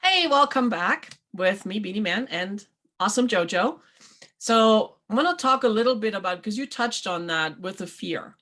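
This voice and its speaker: A woman hosting a talk show, chatting in a casual motivational way and acting out quoted voices with lively swings. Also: mid-range voice, moderate pace, faint music behind. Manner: animated, acts out quoted voices. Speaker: podcast host.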